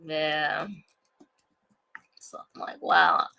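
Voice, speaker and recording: A woman's voice: mid-range voice, slow pace, vocal fry, pushed and bright. A woman hosting a casual livestream, rambling and repeating herself as she talks to viewers. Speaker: livestream host.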